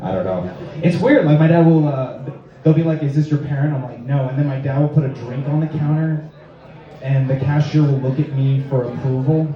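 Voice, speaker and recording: A young man doing a stand-up set with a rambling, hesitant delivery full of filler words and awkward, deadpan asides. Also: mid-range voice, fairly quick. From Lexington, Massachusetts. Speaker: stand-up comedian. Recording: echoey, dull sound from a distant mic.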